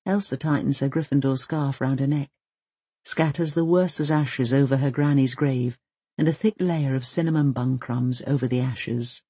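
An expressive audiobook narrator reading a novel in a measured storytelling voice. The tone is somewhat husky, and the recording is close and dry with no room sound. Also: medium pitch, no echo. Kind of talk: scripted narration.

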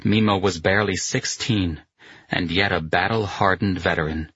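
A man reading an audiobook in a steady, measured way. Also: low-pitched, breathy edge, no room sound, dull audio. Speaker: narrator. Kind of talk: audiobook narration.

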